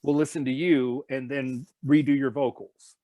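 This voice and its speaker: A man's voice: mid-range voice, fairly even intonation, normal speed, no echo, lo-fi sound. A man from Nashville in a casual interview, animatedly telling stories about his voice work and sometimes slipping into announcer voices. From Nashville, USA. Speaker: voice actor and singer, guest.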